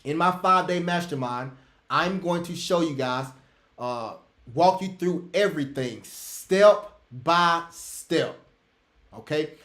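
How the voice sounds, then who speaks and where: His voice sits on the high side and is expressive, slow and reverberant as he teaches a live webinar on online trading. Calling out to everyone, he repeats himself emphatically, swinging from loud rants to quiet asides, all picked up by a computer microphone on a video call.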